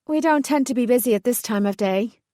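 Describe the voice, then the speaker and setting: A woman narrator voicing a businesslike female fairy assistant manager with a faint Irish accent, brisk but reassuring. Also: on the high side, mellow, no echo, studio quality, voice pushed up, lightly acted.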